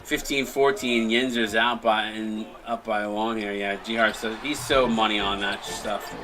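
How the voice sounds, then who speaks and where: A man calls plays and thanks viewers on a live game stream. His voice is bright and forward, and his speech rambles with frequent restarts. A faint hiss sits under the recording. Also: lowish voice, steady tone, normal speed. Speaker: play-by-play caster and stream host.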